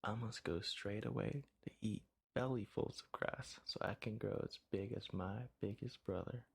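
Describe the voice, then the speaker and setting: Man doing a little storybook billy goat, timid and high, kinda raspy underneath. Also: moderate pace. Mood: eager. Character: small timid young male billy goat.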